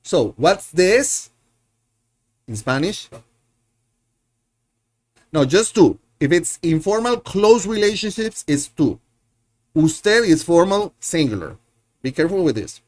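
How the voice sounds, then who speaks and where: A man's voice: sits high, sing-song, takes it slowly, pauses often, darkish tone. A man teaching a live online Spanish lesson, patiently repeating words and drilling his learners, often correcting himself as he thinks aloud.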